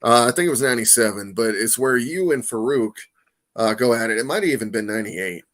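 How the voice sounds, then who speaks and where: A male podcast host in casual conversation with a guest, excitable and animated. His voice sits at an ordinary middle pitch, with loud bursts of enthusiasm between quieter asides. He keeps checking in with his listener as he talks. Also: fast. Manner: peppers talk with "man" and "you know what I mean". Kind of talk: casual interview chat.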